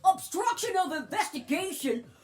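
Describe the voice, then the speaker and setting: A woman's voice: very high-pitched, sing-song, moderate pace, faint music behind. A woman talking indignantly in a podcast clip played for commentary. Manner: indignant, emphatic.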